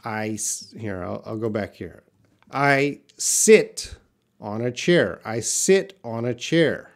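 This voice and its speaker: A man's voice: medium pitch, animated, slow pace. A man teaching a live online English pronunciation lesson, stretching out example words and chatting casually with viewers.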